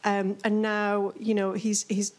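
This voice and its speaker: A woman's voice: medium pitch, little pitch movement, measured pace, darkish tone. Enthusiastic rambling woman on a podcast. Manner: enthusiastic, rambling, many restarts. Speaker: magazine food director. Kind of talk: casual podcast chat.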